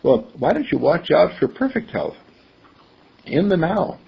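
Older man with a husky gravelly voice. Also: fairly high pitch, big pitch swings, unhurried. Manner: storytelling, acts out quoted voices, chuckles often. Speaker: speaker giving a talk. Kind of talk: conversational talk with anecdotes. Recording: dull lo-fi recording.

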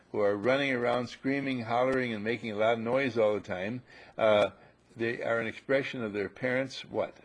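A man's voice: medium pitch, slightly rough. A man teaching a live group as their spiritual teacher, firing questions at them and hammering his points home through repetition.

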